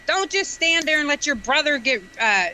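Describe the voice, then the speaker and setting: A woman pleads her case with raw, sermon-like emotion. Her voice sits high and rings bright as she hammers each point home. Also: expressive, normal speed, a little hiss or hum, poor audio. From United States. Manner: emotional, preachy, emphatic. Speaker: guest speaker. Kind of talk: impassioned political appeal.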